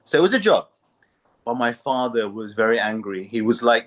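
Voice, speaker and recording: This is a man in the middle range of pitch, a guest on a conversational podcast. He tells stories with energy and laughs often as he talks. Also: moderate pace. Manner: animated, laughs often while telling stories. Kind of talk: storytelling in conversation.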